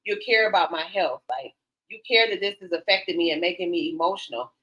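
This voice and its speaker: Her voice sits on the low side, husky and a bit bright, moving a little fast. An older woman hosting a radio talk show, she talks frankly and animatedly in a casual, candid exchange, acting out quotes over slightly dull lo-fi sound.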